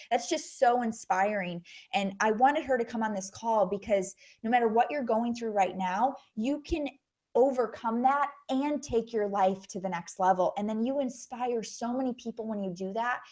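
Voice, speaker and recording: A woman's voice: fairly high pitch, darkish tone. A woman hosting an online group call, introducing a guest in a chatty, upbeat way with lots of fillers. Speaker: host.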